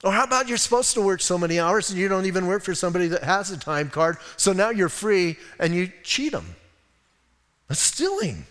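Folksy older male pastor, echoing hall. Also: high voice. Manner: folksy storytelling, animated asides. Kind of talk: sermon. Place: church sanctuary.

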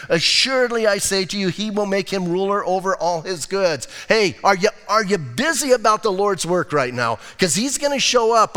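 A man's voice: sits high, fairly bright tone, long reverb tail. A man preaching as pastor in a casual, joking, verse-by-verse sermon, often breaking in with "hey". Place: church sanctuary.

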